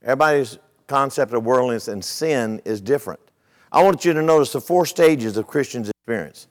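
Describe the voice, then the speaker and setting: A man's voice: mid-range voice, expressive, brisk. A male pastor preaching a sermon, retelling a story in a folksy way and asking the congregation rhetorical questions.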